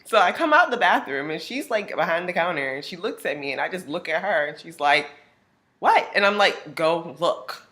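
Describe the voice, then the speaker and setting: A woman's voice: fairly quick, few pauses. A young woman vlogging, casually telling a personal story and acting out other people's lines with big jumps in her voice. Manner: animated, acts out friends' lines with big pitch jumps.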